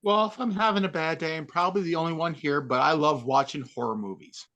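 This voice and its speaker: A woman co-hosting a podcast, telling stories in an animated, sarcastic way during a casual panel chat. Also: sits low, fast. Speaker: podcast co-host.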